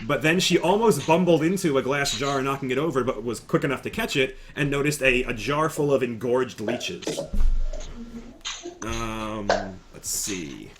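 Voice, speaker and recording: A man's voice: medium pitch, lively intonation, unhurried, noisy background. A man recapping the last session of a tabletop game as game master, rambling with fillers.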